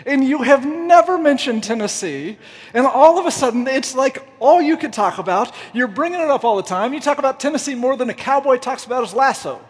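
Man doing exasperated friend, higher, louder, husky, long hall reverb. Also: lively intonation, a little fast, full character voice. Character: exasperated male friend scolding playfully.

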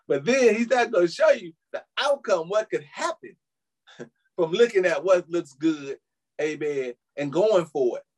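A male pastor with a high-sitting, expressive, slightly mellow voice preaches a sermon slowly, with long pauses. He calls out to the congregation, addressing them as "saints," with frequent amens, hallelujahs and little laughs.

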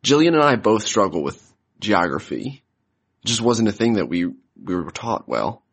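A man's voice: lowish voice, very animated, normal speed, breathy edge. A man talking casually as a podcast guest, loose and hesitant, with many fillers. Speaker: prospect analyst guest.

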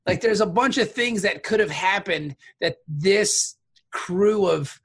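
A man's voice: high-pitched, slow pace, fairly bright tone, breathy edge. A man co-hosting a podcast in casual chat, joking around and slipping into mock voices. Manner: jokey, slips into mock voices. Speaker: podcast co-host.

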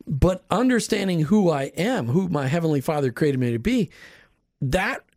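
A man's voice: fairly high pitch, lively intonation, moderate pace, darkish tone, no echo, studio quality. A man hosting a Christian radio show, talking emphatically and enthusiastically to his guest and directly to his listeners. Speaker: radio host. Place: radio studio.

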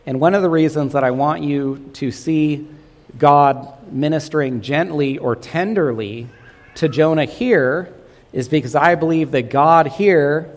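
A pastor preaching a sermon, asking his congregation questions and coaxing them to answer. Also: a little high. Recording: long reverb of a hall.

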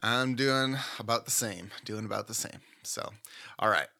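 A man's voice: lowish voice, moderate pace, creaky, sharp tone. A man hosting a podcast, playfully narrating a mock medical exam case. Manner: playful, teasing, laughs easily. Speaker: podcast host running a mock oral boards case.

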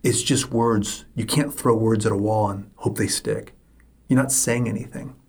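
Husky-voiced man hosting a solo podcast. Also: fairly low pitch, fairly even intonation, normal speed, a little mellow. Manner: emphatic, repeats points for stress. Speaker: podcast host.

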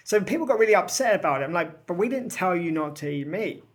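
A man, co-author of a book, talking in a casual discussion, animated and acting out the voices of critics. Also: high voice, fast. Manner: animated, acts out quoted critics. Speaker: co-author guest.

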